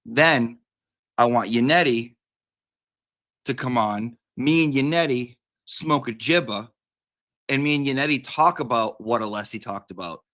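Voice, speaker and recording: A man's voice: medium pitch, a little slow, a bit bright. A man chatting casually as a host, rambling and playful, and now and then calling his cat in a sing-song voice. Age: adult with a daughter. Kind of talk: casual livestream chat.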